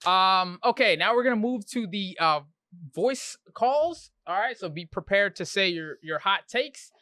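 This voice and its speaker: A man's voice: high-pitched, expressive, a little slow, sharp tone, no room sound, clean studio sound. A man hosting a casual livestream podcast, loose and slangy as he runs a call-in segment. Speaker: podcast host.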